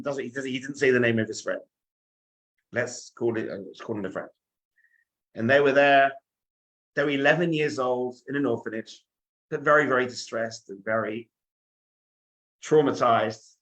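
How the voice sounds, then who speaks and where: Male rabbi, storytelling sermon, dramatic, animated, acts out scenes. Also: mid-range voice, moderate pace, pauses often, poor audio.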